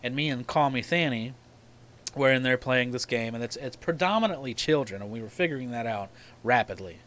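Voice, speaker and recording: A man's voice: mid-range voice, fairly quick. A young man in casual podcast chat, telling rambling, profane gaming stories. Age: young adult. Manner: rambling, profane, animated storyteller. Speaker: podcast host.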